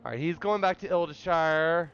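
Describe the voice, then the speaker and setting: A man's voice: on the high side, moderate pace, smooth. A man streaming a game, chatting casually and gushing emotionally to his viewers, calling them darlings. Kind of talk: casual let's-play commentary. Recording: muffled lo-fi with faint game music.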